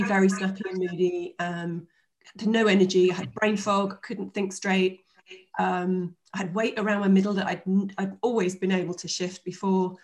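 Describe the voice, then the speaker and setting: A woman in her fifties speaks as a guest in a relaxed interview. She tells her story in a chatty, animated way, with plenty of fillers and restarts. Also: medium pitch. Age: 50s.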